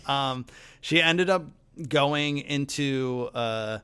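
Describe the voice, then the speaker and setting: A young man hosting a podcast, telling stories in a casual, lively way and acting out other people's lines. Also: medium pitch, very slow, clear, resonant tone. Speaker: podcast host. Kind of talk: casual storytelling chat.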